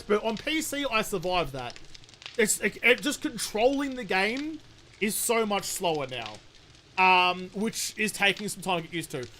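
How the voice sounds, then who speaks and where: A man's voice: sits high, sharp tone, a little hiss or hum. A young man chatting casually while streaming a game, swearing freely and answering viewer questions. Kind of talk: casual live-stream chat while gaming.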